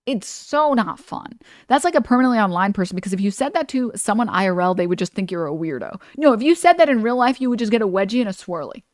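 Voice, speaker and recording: A blunt, animated woman streamer who swears freely. Her mid-range voice sits close and dry, with no room sound around it. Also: medium pitch, rapid-fire, few pauses, dry recording. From New York. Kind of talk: casual reaction stream chat.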